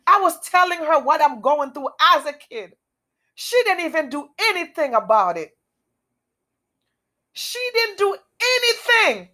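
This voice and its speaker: A woman giving an emotional personal testimony, halting and repetitive, speaking earnestly. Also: sits high, sing-song, sharp tone. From outside America.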